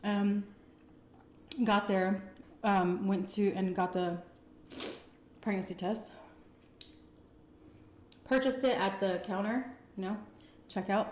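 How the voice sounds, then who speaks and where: A young woman vlogger casually telling a personal story while eating, animated and swearing freely. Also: mid-range voice, slow pace, long pauses, roomy sound, slight background noise. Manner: animated, conversational, acts out quotes, swears freely.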